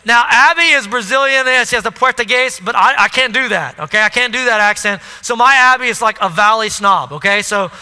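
Preacher, male, lively storyteller with a very high, bright voice, echoey sanctuary sound. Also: brisk, few pauses, clean tone. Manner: animated storytelling, addresses the crowd. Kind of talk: sermon. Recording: echoey hall.

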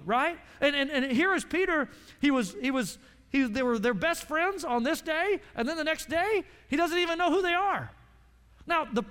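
High-voiced male pastor in a reverberant hall. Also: fairly bright tone. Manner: conversational, repeats words, questions the audience. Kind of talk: sermon.

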